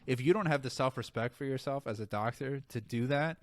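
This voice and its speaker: A man's voice: medium pitch, fairly quick. A young man co-hosting a podcast, telling stories in a casual, profane, joking way, with a sore throat. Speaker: podcast co-host, physician.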